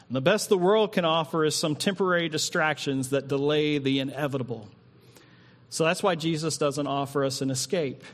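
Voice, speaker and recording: Male pastor, fairly high voice, slow prayerful sermon delivery, long church reverb, music under. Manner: slow, drawn-out reading and prayer with long pauses. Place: church hall.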